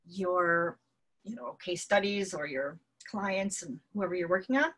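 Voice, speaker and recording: Bright, husky-voiced woman teaching healing, loose and rambling with lots of "um"s. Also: mid-range voice. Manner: rambling, many fillers and restarts. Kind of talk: casual spoken lesson.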